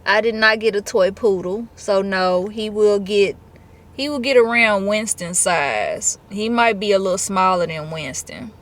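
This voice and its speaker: A woman's voice: medium pitch, lively intonation, measured pace, a bit bright. A woman, chatting expressively to her viewers in a casual vlog. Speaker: vlogger.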